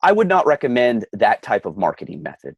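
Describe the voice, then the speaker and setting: Middle-aged male podcast host, worked-up ranter who trips over his words, dry voice, mid-range pitch. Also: wildly swooping pitch, fairly quick, breathy edge, dry recording, muffled recording. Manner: heated, stammering restarts. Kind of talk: casual ranting chat.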